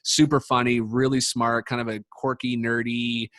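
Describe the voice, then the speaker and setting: A man's voice: medium pitch, level tone, normal speed, a bit bright, no room sound, studio quality. A man telling a long story in a casual podcast chat, rambling and swearing, full of fillers and restarts. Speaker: podcast speaker, sports coach.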